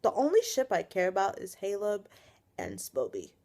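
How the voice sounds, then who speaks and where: A woman's voice: medium pitch, wildly swooping pitch, normal speed, dark tone. A young woman ranting on a casual vlog, angry and exasperated, sighing often and swearing as she talks. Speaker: vlogger reviewing a TV episode. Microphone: webcam or built-in camera mic.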